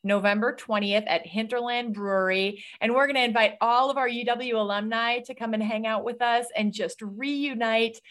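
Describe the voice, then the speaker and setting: A woman's voice: fairly high pitch, steady tone, normal speed, few pauses, a bit bright. A woman guest on an interview, speaking enthusiastically and upbeat. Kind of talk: excited interview talk.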